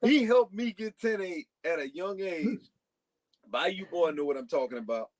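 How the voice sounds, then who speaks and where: A man's voice: sits high, lively intonation, normal speed, crowd noise. A man telling long casual stories as a guest on a talk show, rambling with frequent restarts. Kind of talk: casual storytelling.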